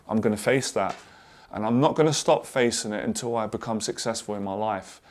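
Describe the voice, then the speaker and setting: A man, a confidence coach, telling his own story to camera in a candid, earnest way with frequent halting restarts. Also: lowish voice. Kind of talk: personal story told to camera.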